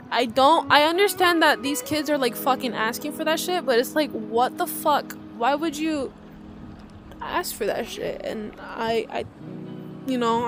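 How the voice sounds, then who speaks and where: A young woman tells a long rambling story to a group of friends, swearing freely and restarting her sentences often. Her voice sits a little high. Music plays clearly behind her. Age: young adult. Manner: rambling, profane, frequent restarts.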